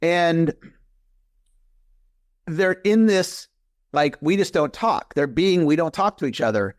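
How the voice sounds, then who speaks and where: A man's voice: a little high, animated, slow pace, no echo, clean studio sound. A man in his fifties, a guest on a coaching podcast, talking earnestly in a conversational interview and repeating his key phrases.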